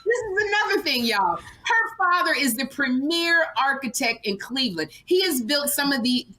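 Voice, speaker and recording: A woman's voice: sits high, big pitch swings, moderate pace, very noisy. A middle-aged woman co-hosting a comedy podcast, teasing her friend and telling stories in quoted voices. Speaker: podcast co-host. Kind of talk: casual comedic banter.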